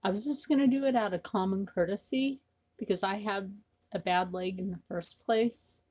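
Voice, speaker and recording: A woman's voice: medium pitch, moderate pace, darkish tone, husky. A woman talking casually to her camera in a rambling, repetitive way, with many fillers. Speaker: vlogger.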